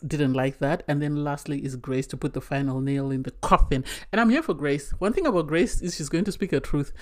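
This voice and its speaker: A woman with a low, dark-toned voice gives a casual, opinionated recap and review of a reality dating show. She's emphatic and often exasperated.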